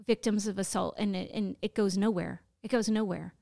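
A woman's voice: mid-range voice, steady tone, a little fast, vocal fry, mellow, no echo, studio quality. A woman co-hosting a podcast, speaking emphatically and repeating her points. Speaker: podcast co-host. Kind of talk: casual chat.

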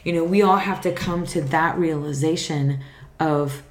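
A woman's voice: low-pitched, reverberant. A woman co-hosting a faith podcast, talking earnestly about faith and then leading a prayer. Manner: earnest, reflective, pauses and restarts. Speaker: podcast co-host. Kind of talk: casual Bible discussion and spoken prayer.

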